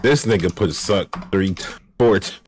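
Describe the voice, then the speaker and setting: A man joining a stream by call, bantering casually and laughing at the chat in a slow drawl. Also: sits low, a little mellow, a little hiss or hum.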